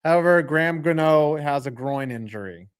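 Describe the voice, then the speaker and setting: A young man hosting a live football reaction stream, ranting with lots of swearing and calling plays with sudden bursts of excitement. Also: a little high, moderate pace, smooth. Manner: profane, ranting, jumps into excited play calls.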